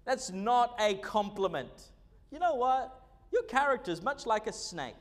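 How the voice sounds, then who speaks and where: A man preaching a sermon, animated and joking, with many fillers. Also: very high-pitched, a little slow, in a large hall. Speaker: pastor.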